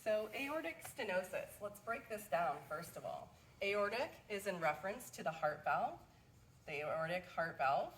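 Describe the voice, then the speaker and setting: A young adult nursing student gives a class presentation, explaining things step by step with occasional fillers. Her medium-pitched voice has a sing-song quality at normal speed. The recording is rough, with a little hiss or hum.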